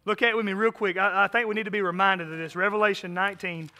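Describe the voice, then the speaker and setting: A man's voice: sits high, steady tone, fast, sharp tone, faint music behind. A man, a pastor, preaching a sermon in a conversational style with frequent rhetorical asides. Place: church sanctuary.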